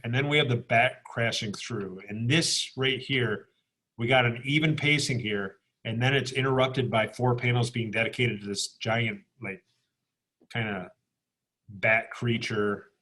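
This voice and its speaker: A man's voice: mid-range voice, moderate pace, a bit bright. A man teaching an art class, walking students through comic book pages in a recorded lecture, explaining as he goes and often restarting phrases. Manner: explanatory, with frequent restarts and "okay?" check-ins. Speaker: art instructor.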